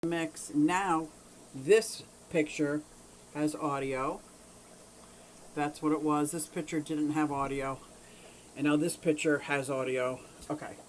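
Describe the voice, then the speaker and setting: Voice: mid-range voice, steady tone, slow, long pauses, a little hiss or hum, rough recording. A host of a fishkeeping livestream from Pennsylvania chats casually and rambles from home beside the fish tanks. The host greets viewers by name and talks into a camera mic. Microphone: camera mic on a short cable.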